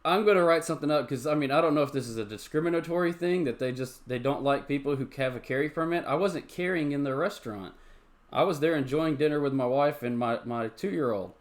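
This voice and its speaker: A man's voice: on the high side, fast talker. Male live-stream host, chatty ranter, loose and repetitive. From Tennessee. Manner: chatty, ranting, repeats himself. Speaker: show host. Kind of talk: live-stream chat show.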